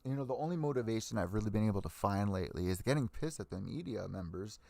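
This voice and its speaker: A man's voice: fairly low pitch, animated, fast, gravelly, a little mellow, no echo. A young man hosting an MMA podcast, ranting with a lot of swearing and giving fight predictions. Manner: profane, fired-up ranting. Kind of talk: ranting live stream commentary.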